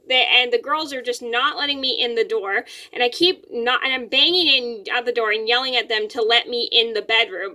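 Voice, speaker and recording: A woman's voice: a little high, bright, forceful tone. A young woman telling a home story to her camera from her bedroom, rambling and often repeating and restarting her words. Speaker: vlogger.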